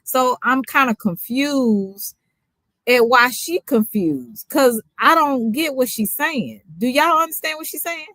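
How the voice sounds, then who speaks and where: A woman's voice: high voice, measured pace, a bit bright, dry recording. A woman hosting a casual panel chat, blunt and questioning in how she talks. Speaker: host.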